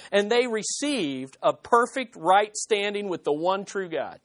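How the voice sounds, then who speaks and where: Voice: mid-range voice, animated, a little slow, few pauses. A pastor preaching an expository sermon, emphatic, with rhetorical questions and short laughs.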